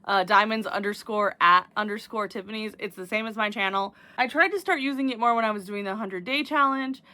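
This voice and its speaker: A woman's voice: medium pitch, a little fast, bright, forceful tone. A young woman chatting casually to camera about her crafting goals, rambling with restarts and fillers. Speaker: diamond painting vlogger.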